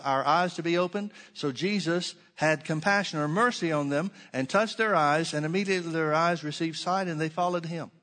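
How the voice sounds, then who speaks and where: Male preacher, slightly high voice, sermon delivery, emphatic scripture reading with quiet asides. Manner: reads scripture aloud, rising to emphatic stresses, drops to soft asides.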